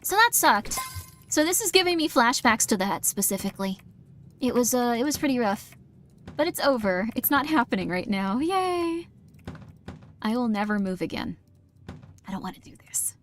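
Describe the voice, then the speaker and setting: A woman with a fairly high, bright, very animated voice streams a game at normal speed, reading chat as she plays. She rambles casually, mocks herself, and slips into quoted voices, with faint music behind her.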